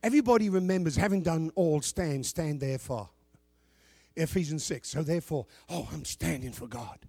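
A middle-aged man preaches in a high, ringing voice. He booms out scripture and then pulls back to low, talky asides to the congregation. The sound is close and dry, with no room echo. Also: brisk, gravelly, a little mellow, breathy edge. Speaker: pastor. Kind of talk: sermon.

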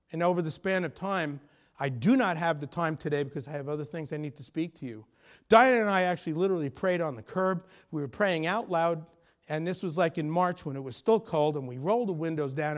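Middle-aged guy preaching, pretty high voice, storytelling then gets loud and punchy. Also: a little fast. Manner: storytelling preacher, rising to loud emphatic peaks. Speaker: pastor. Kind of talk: sermon.

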